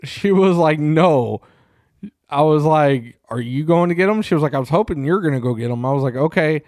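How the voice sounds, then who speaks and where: A man co-hosting a podcast, telling a profane, animated story in casual chat. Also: on the high side, brisk, dry recording, studio quality. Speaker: podcast co-host. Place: small room.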